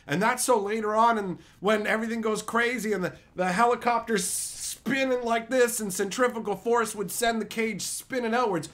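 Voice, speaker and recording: A man's voice: high voice, normal speed, few pauses, fairly bright tone. A man streaming live, chatting casually with his chat and ranting with repeated, profane phrases. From Canada.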